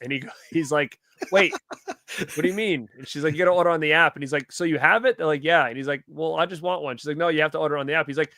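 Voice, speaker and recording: A man in his thirties hosting a casual podcast chat, telling stories with lively acted-out quotes. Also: fairly high pitch, quick pace, dry recording, clean studio sound. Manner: animated storytelling, acts out quotes. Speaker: podcast host.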